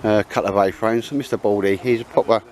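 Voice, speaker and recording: A man's voice: on the low side, steady tone, fast, a little mellow. Rambling, matey man outdoors. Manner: rambling and matey, always saying mate and sir. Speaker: host. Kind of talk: casual chat. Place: woods outdoors.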